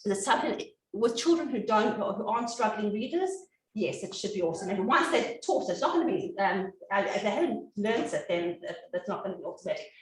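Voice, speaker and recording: A woman giving an educational talk as a reading specialist, animated and acting out sounds the way she does with children. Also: medium pitch, a little fast, a little hiss or hum. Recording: echoey room, distant mic.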